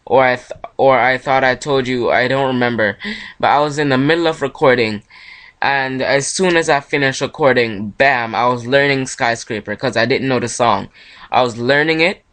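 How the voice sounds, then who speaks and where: A man's voice: mid-range voice, normal speed, a bit bright. Rambling young man from Jamaica. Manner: rambling, self-correcting, loose and chatty. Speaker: independent musician hosting his own podcast. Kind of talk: casual solo monologue.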